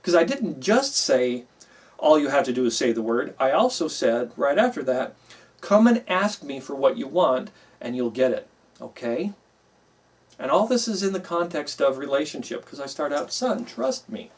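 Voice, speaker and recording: Middle-aged male teacher, conversational, a bit high, mic some distance off. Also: big pitch swings, moderate pace. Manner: conversational, with many fillers, emphatic in acted quotes. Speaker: Bible class teacher. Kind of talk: classroom teaching, explaining with a story.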